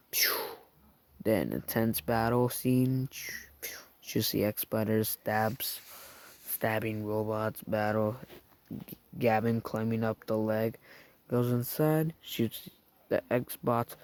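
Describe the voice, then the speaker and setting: A man's voice: fairly low pitch, fairly even intonation, slow pace, pauses often, a little mellow. A man casually recapping a show scene by scene, rambling and chatty, adding his own sound effects. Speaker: show reviewer.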